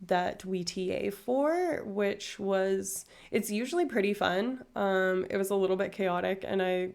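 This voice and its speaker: Chatty young woman with vocal fry. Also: mid-range voice, measured pace. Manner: rambling, chatty, many fillers. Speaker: livestreamer. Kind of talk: casual livestream chat.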